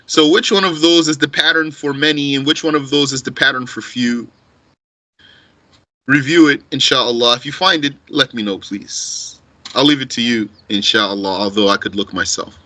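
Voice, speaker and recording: A man's voice: mid-range voice, normal speed, sharp tone, low-quality recording. A man teaching an Arabic grammar class, thinking aloud as he answers questions and mixing in Arabic phrases. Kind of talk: live online class answering student questions.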